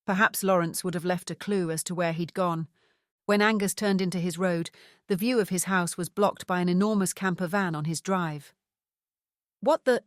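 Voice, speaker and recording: A woman's voice: fairly low pitch, dry recording. Woman narrating a novel, dry close sound. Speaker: audiobook narrator. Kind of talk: scripted narration.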